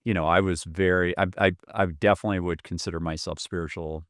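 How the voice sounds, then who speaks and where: A man in his forties hosting a podcast, reflective and quick with short affirmations. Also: deep voice, fairly even intonation, dry recording, clean studio sound. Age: 40s. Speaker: podcast host. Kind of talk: casual conversation.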